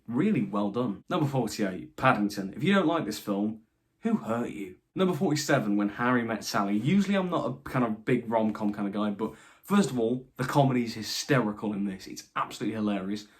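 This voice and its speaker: A man's voice: expressive, quick pace. A young man casually reviewing films in a ranked list, upbeat and chatty, lifting his voice to announce each new number. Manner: enthusiastic, announces each rank with a lift in pitch. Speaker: film reviewer.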